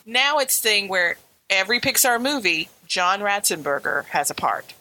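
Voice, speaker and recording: A woman's voice: medium pitch, sing-song, moderate pace, bright, forceful tone, low-quality recording. A woman co-hosting a casual podcast about a movie, chatty and enthusiastic, often repeating herself. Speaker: podcast co-host.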